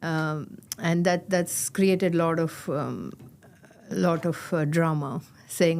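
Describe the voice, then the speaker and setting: A woman's voice: low-pitched, fairly even intonation, slow, gravelly, a little mellow, a little hiss or hum. A woman hosting an interview, asking questions earnestly and hesitantly, with many fillers. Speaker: host. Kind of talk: conversational interview.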